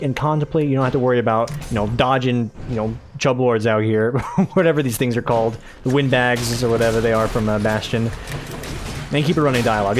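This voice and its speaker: A man hosting a gaming video, giving casual let's-play commentary with rambling, self-mocking asides. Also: mid-range voice.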